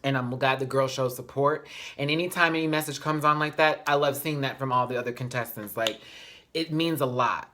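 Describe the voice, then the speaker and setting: A man's voice: mid-range voice, brisk, sharp tone, slight background noise. Brief: male vlog host, sassy and emphatic, heartfelt, chatty, addresses viewers as y'all. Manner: heartfelt, speaks openly about feelings. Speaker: reality TV reviewer. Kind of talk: casual vlog commentary.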